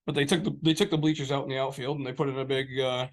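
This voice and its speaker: A man's voice: mid-range voice, steady tone, rapid-fire. A man in casual podcast chat, loose and easygoing as he talks. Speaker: podcast co-host.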